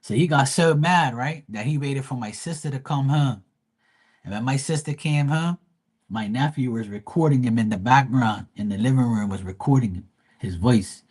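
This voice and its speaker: A man's voice: medium pitch, normal speed, a little mellow, breathy edge. A man from Bermuda, retelling a neighbor quarrel in a profane, heated way on a casual livestream. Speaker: live tarot reader.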